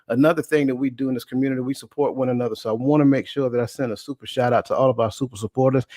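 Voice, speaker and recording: A man hosting a casual panel podcast, lively and chatty, giving shout-outs and correcting himself as he goes. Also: mid-range voice, dry recording, clean studio sound. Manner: energetic, shout-outs, self-correcting, colloquial. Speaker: podcast host.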